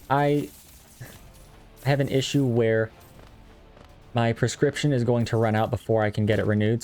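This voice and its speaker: A man's voice: mid-range voice, darkish tone. A young man from Texas, a game streamer, chatting casually and self-deprecatingly with viewers as he plays. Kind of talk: casual live-stream chat while gaming. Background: faint game music.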